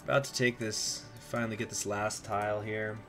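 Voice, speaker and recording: A man's voice: on the low side, little pitch movement, normal speed, fairly bright tone, soft background music. A young man streaming a strategy game live, chatting in a rambling way and reacting aloud to what happens on screen.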